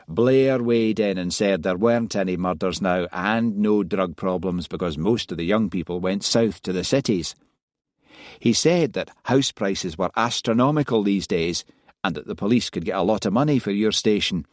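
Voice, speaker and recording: A man's voice: lowish voice, no room sound, clean studio sound, lightly acted. A man reading aloud, voicing a wry, gossipy Scottish detective inspector who likes his whisky. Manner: chatty, gossipy storytelling.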